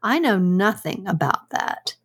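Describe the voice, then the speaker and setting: An older woman co-hosting a casual radio talk show, speaking in a calm, encouraging way. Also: mid-range voice, a little slow, slightly rough. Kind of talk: casual on-air chat.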